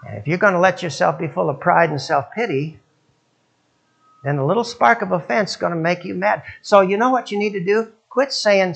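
A man's voice: high voice, fairly quick, gravelly, a bit bright, low-quality recording. A male preacher giving a sermon, telling stories and asking his listeners questions. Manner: storytelling, acts out quoted voices, asks audience questions.

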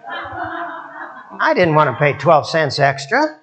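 A man's voice: a little high, wildly swooping pitch, slow pace, vocal fry, background noise. A male preacher giving a sermon, telling stories and asking his listeners questions. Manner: storytelling, acts out quoted voices, asks audience questions.

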